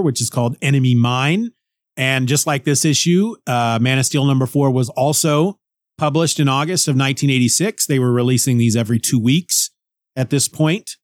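A man hosting a podcast in a casual, rambling monologue, goofy and quick to joke at his own expense. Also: medium pitch, dry recording, clean studio sound. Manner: goofy, rambling, jokes at himself. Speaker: podcast host.

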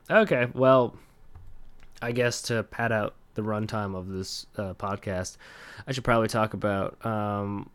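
Young guy rambling solo on his podcast, lots of likes and you knows, kinda low voice, dry close mic. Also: a little mellow, clean tone, dry recording. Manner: rambling, filler-heavy, self-deprecating, laughs often. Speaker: podcast host.

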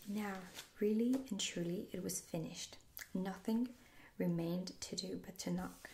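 A woman reading a fairy tale aloud in a soft, slow whisper, as a whispered role-play. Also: lowish voice, steady tone, slight background noise. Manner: soft-spoken, slow and soothing. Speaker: storyteller.

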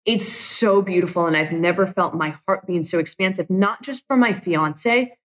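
A woman's voice: on the low side, normal speed, poor audio. A woman hosting a solo podcast, talking candidly and emotionally with frequent "like" fillers. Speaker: podcast host.

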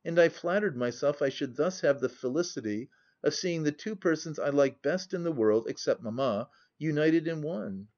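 A man reading an audiobook, voicing a timid, gentle young woman with a raised, pleading voice. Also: a little high, normal speed, dull audio, close to an everyday voice.

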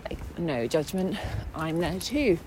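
A woman's voice: fairly low pitch, animated, takes it slowly, noisy background. A young woman vlogging, telling her day in a chatty, sarcastic way. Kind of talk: casual chat.

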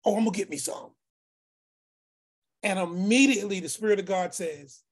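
A man casually telling a story in a class over a video call. He talks in an animated way and acts out the other people in his story. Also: high voice, moderate pace, long pauses. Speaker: class participant.

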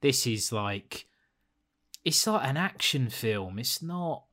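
A man's voice: medium pitch, animated, takes it slowly, a bit bright. A man with a blunt, sweary, rambling manner, chatting casually as a podcast co-host reviewing a film.

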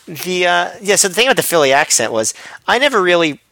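A man's voice: sits high, sing-song, fast talker, sharp tone, dry recording. Rambling man in dry close audio. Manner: rambling, many fillers and restarts. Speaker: podcast co-host. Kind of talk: casual chat.

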